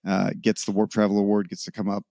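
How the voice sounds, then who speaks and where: A man's voice: fairly low pitch, monotone, fast, vocal fry, warm tone, no room sound, studio quality. A man co-hosting a gaming podcast, chatting loosely in a rambling way and swearing now and then. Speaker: podcast co-host. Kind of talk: casual chat.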